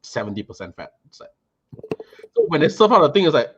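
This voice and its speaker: A man telling an animated, casual story about a meal, often repeating and restarting words. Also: a little high, fast talker, slightly rough, lo-fi sound.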